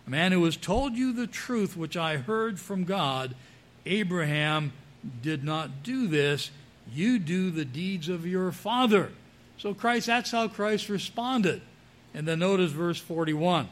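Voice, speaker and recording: A male preacher working through a passage of scripture in a sermon. His voice sits a little high for a man. He reads each verse aloud and then stops to explain it.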